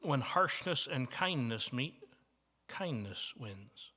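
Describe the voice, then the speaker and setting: As guest preacher in a reverberant church banquet hall, a man with a Midwestern American accent delivers a sermon slowly, telling stories. His medium-pitched voice swings widely in pitch as he moves between soft asides and emphatic points.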